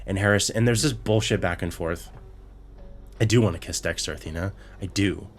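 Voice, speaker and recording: A man with a fairly low voice co-hosts a casual podcast. He retells a show in an exasperated, swearing rant and keeps stumbling and restarting his sentences. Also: brisk, soft background music. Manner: profane, exasperated ranting with many restarts. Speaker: podcast co-host.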